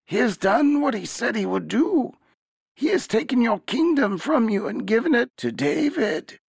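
Stern old prophet spirit, man acting, loud condemning tone, slow and dry. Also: high-pitched, huge pitch swings, vocal fry, slightly rough, dry recording, heavily acted. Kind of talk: audio drama acting.

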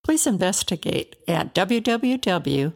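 A woman narrating a story in a measured, deliberate, scripted reading. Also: medium pitch, sing-song, creaky.

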